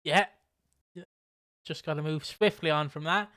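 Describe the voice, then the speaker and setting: A man co-hosts a wrestling podcast in a rambling, casual way, swearing as he goes. His voice is smooth and resonant. It sits close in a dry, dead space. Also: a little high, measured pace, pushed and bright, no room sound. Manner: rambling, profane, frequent voice impressions. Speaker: podcast co-host. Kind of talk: casual chat.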